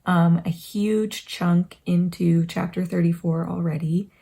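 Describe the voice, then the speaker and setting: A woman's voice: lowish voice, steady tone, measured pace, vocal fry, dark tone, breathy edge. A young woman vlogging about her writing day, chatty and self-mocking, sometimes dropping into a whisper. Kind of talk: casual writing vlog.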